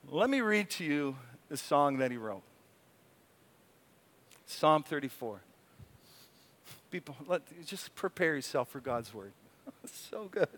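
A man delivers a sermon with a lively, playful manner, slipping into acted voices now and then. His voice sits high and sounds bright. The sound carries a long reverb, as in a large church hall. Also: takes it slowly, pauses often. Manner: animated, playful, acts out voices. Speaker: pastor.

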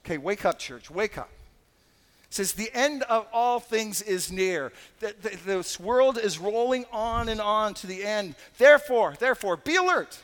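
A Canadian pastor with a fairly high voice preaches in a casual, joking way and slips into little voices for the people he quotes. His talk rings out with the long reverb of a large church hall. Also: lively intonation, measured pace, a bit bright. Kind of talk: sermon.

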